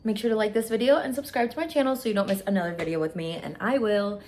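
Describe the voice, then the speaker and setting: A woman's voice: medium pitch, fast talker, darkish tone, slight background noise. A young adult woman beauty vlogger telling a story in casual chat, gushing and emotional.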